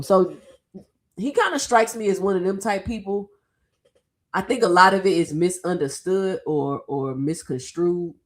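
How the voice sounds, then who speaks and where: A woman hosting a casual boxing commentary vlog, chatty and slangy, her throat a little sore from yelling. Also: fairly low pitch.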